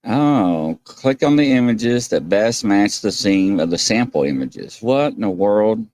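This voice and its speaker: Rambling, lively-voiced male live-stream host. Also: lowish voice, measured pace, no echo. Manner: rambling, laughs often, reads out viewer names. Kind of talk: casual live-stream chat.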